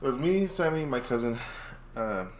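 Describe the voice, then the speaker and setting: Young male co-host, relaxed chat, giggly storyteller. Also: mid-range voice, moderate pace, slight background noise. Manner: giggly, breaks up laughing mid-story. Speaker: podcast co-host. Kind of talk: casual chat.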